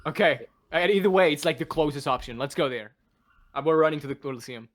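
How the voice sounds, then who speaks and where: A man playing a tabletop game online, excitable and quick to laugh. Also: a little high. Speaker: player.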